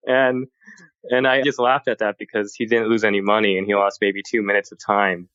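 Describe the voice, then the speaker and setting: A man talking as a podcast guest, telling stories in a casual, animated way and acting out the exchanges he quotes. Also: lowish voice, moderate pace, smooth, dry recording, highs cut off. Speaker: guest, tech journalist. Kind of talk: casual storytelling in conversation.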